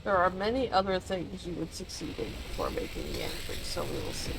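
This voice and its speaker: A woman's voice: on the low side, wildly swooping pitch, a little fast, vocal fry, background noise. A woman live-streaming a video game, chatting casually with her viewers and laughing often. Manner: chatty, answers chat with frequent laughs. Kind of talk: casual live-stream chat while gaming.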